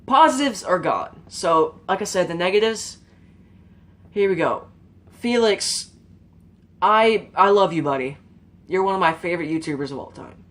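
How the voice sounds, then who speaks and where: Woman, lowish voice, casual rambling monologue, earnest, emotional, swears a bit. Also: expressive, moderate pace, long pauses, fairly bright tone. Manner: rambling, informal, with frequent fillers and mild swearing. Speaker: YouTube commentator.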